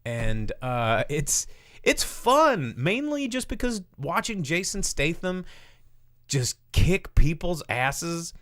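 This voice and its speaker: A young man co-hosting a podcast, retelling a movie in a rambling, animated way and slipping into quoted voices. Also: a little high, slow. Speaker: podcast co-host reviewing movies. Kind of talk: casual chat.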